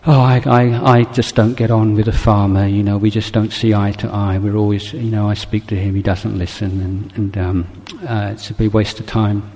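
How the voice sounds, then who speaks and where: A man voicing a pig who makes halting, apologetic excuses in a storybook tale. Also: lowish voice, level tone, darkish tone, in a large hall. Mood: evasive. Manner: evasive, apologetic.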